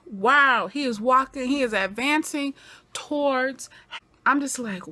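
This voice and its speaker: A woman giving an animated recap of a TV episode, acting out the characters' lines in quoted voices as she goes. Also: sits high, unhurried. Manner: acts out scenes in quoted voices. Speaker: TV episode reviewer.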